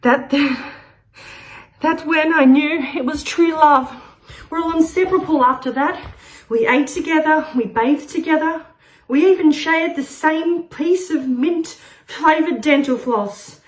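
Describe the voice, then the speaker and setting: A woman with a high voice performs a comic spoken-word piece. She rambles through an absurd story, laughing often. She swings between loud shouted bursts and quiet, muttered asides. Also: takes it slowly. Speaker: open-mic performer.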